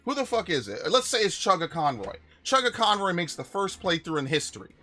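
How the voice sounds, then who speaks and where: A man's voice: sits high, big pitch swings, fairly quick, bright, forceful tone. Male game streamer, angry profane rant, tense raised voice, faint music under him. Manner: angry profane ranting with repeated restarts. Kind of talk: live gameplay stream commentary.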